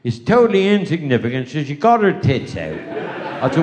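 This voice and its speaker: Older West Country stand-up, high-pitched voice, rambling rude anecdotes for a live crowd. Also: male voice, very animated, moderate pace, slight background noise. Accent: West Country English. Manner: rambling bawdy yarn-spinning with repeated "I said, she said". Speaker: stand-up comedian. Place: live stage show.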